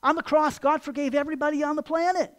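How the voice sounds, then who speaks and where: A pastor delivering a sermon, emphatic and full of rhetorical questions, repeating key phrases and growing louder and higher to stress a point. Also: steady tone, quick pace.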